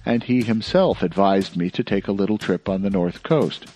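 A man reading an audiobook, voicing a clever young man who speaks softly, politely and playfully. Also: on the low side, moderate pace, soft background music, natural voice.

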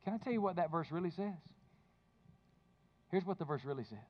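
A man preaching a sermon, moving between low intimate speech and loud emphatic bursts. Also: animated, fairly quick, dull audio. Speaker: pastor.

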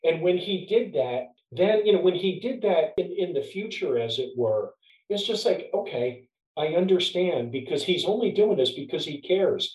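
A man who works as a leadership trainer, chatting as a podcast guest and telling workplace stories in a warm, storytelling way. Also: a little high, lively intonation, moderate pace, recorded from a distance, lo-fi sound. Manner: storytelling, warm, restarts words. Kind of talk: casual podcast chat. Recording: roomy, off-mic sound.

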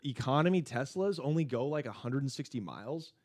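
A man in crude, casual podcast banter, emphatic and quick to agree. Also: medium pitch, animated, darkish tone.

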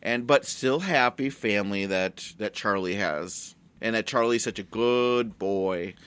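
A man's voice: on the low side, a little slow, fairly bright tone, clean tone. A man co-hosting a casual movie-review chat, joking crudely and often slipping into silly put-on voices. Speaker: podcast co-host.

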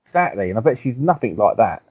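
A man co-hosting a casual podcast chat, animated and quick to mimic other people. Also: lowish voice, breathy edge, no echo. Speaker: podcast co-host. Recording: dull lo-fi sound.

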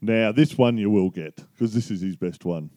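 A man's voice: lowish voice, normal speed, warm tone, dry recording, studio quality. Easygoing Australian man telling yarns. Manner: easygoing storyteller spinning a yarn. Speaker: podcast co-host. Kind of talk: casual chat.

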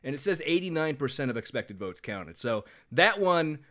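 A man's voice: fairly high pitch, sing-song, moderate pace, fairly bright tone. A man co-hosting a podcast, chatting casually, laughing often and swearing freely. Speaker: podcast co-host. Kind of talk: casual chat.

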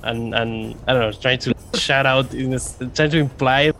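A man's voice: medium pitch, fairly even intonation, normal speed, vocal fry, fairly bright tone, soft background music. A man playing a tabletop role-playing game, talking hesitantly with many restarts. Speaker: player. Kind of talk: casual tabletop play.

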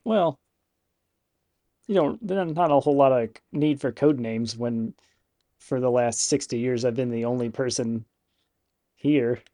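A man gives voice to a huge old hermit for a tabletop game. The figure speaks slowly and plainly, without fuss. The recording is close and dry. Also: mid-range voice, dark tone, no echo, lightly acted. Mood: dry, calm.

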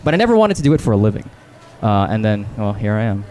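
Animated, laughing male voice actor. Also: on the low side, quick pace, a little hiss or hum. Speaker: voice actor guest. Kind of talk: casual chat.

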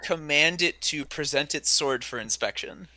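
A man's voice: on the high side, moderate pace, bright, forceful tone, no room sound. A man playing a tabletop role-playing game, eager and thinking aloud with fillers. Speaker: player. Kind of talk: tabletop role-play chat.

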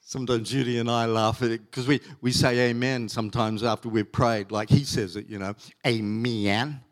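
A middle-aged male pastor preaching a sermon, stressing key words slowly and loudly, with many fillers and restarts. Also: mid-range voice, level tone.

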